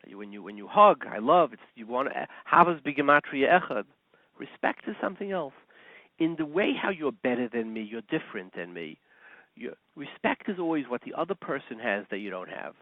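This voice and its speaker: A man, a rabbi guest-hosting a radio show, teaching in an animated way with rhetorical questions and many Hebrew terms. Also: medium pitch, fairly quick, no room sound. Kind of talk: talk radio teaching with a joke. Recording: tinny phone-like line, dry.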